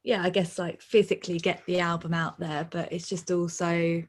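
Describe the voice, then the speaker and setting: Low-voiced, easygoing woman on a video call. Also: level tone, normal speed. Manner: easygoing, hesitant, lots of ums and mms. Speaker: band member, guest. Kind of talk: casual interview chat.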